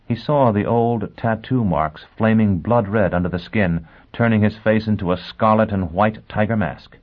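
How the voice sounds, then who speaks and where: An audiobook narrator, a man with a fairly low voice, reads a scripted story in a steady, measured way. The recording sounds tinny, almost like it came through a phone.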